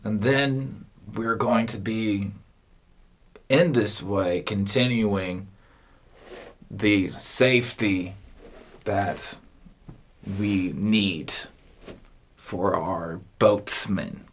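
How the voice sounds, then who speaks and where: A man delivering a rambling comic monologue, halting and meandering with long pauses between phrases. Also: on the low side.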